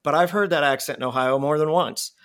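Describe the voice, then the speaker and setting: A man's voice: fairly high pitch, brisk, a bit bright. A man hosting a podcast in casual chat, rambling and profane, restarting his words. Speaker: podcast host.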